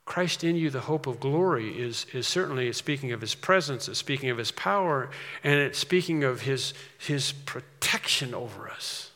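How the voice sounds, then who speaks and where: A man's voice: mid-range voice, animated, normal speed, sharp tone. A man preaching a sermon in an emphatic way, repeating his key phrases. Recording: long reverb of a large hall.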